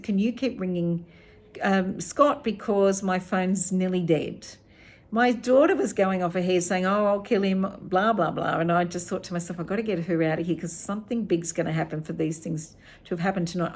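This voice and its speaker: A woman's voice: lowish voice, darkish tone. A middle-aged Australian woman, a hypnotherapist, telling a personal story in a chatty, unscripted way with fillers and restarts.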